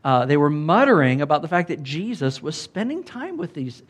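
A man's voice: on the high side, normal speed. A man preaching a sermon in a loose, conversational way, often asking the congregation "Amen?" and filling with "like". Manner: conversational, animated preaching with many "like"s and calls of "Amen?". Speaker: pastor.

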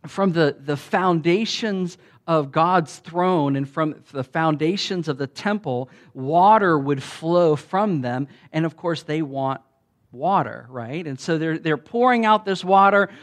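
Guy preaching a sermon, kinda high voice, talks casual then gets loud on the big lines. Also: measured pace. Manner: conversational preaching, rising loud on quoted words, frequent restarts. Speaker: pastor.

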